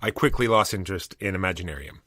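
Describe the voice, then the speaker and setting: An easygoing man co-hosting a board game podcast, joking around with loose, casual phrasing. His voice sits on the low side but sounds bright and clear, recorded dry on a close mic. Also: fast talker, no room sound. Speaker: podcast co-host.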